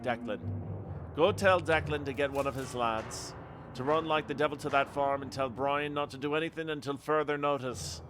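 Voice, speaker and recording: A man's voice: on the high side, noisy background, close to an everyday voice. Man putting on an Irish mob boss. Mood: commanding. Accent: put-on Irish. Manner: slow, cold, threatening drawl. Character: menacing Irish male mob boss, calm and cruel. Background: background game music.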